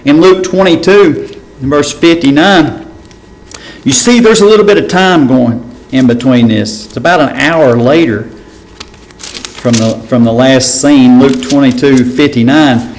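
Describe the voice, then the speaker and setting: A man's voice: mid-range voice, measured pace, a little hiss or hum, rough recording. A man, a pastor teaching a Bible study in a conversational way, often asking his listeners "right?".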